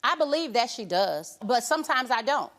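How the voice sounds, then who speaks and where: A woman's voice: on the high side, sing-song, moderate pace, fairly bright tone. A middle-aged woman on a talk show, insistent and defensive as she recounts events. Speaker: talk show guest, mother. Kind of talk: recounting and arguing.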